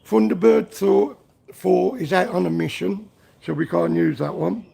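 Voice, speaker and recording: Gravelly slow-talking Liverpool man. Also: high-pitched, steady tone, mellow. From Liverpool, England. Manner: jokey, breaks into snatches of song. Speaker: livestream host reading chat. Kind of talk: casual livestream chat. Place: garage workshop.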